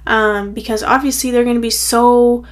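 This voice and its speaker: Young woman podcaster, fairly high voice, casual rambling pep talk, tired and slightly breathless. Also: steady tone, moderate pace. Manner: chatty, rambling, heavy filler "like". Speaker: podcast host.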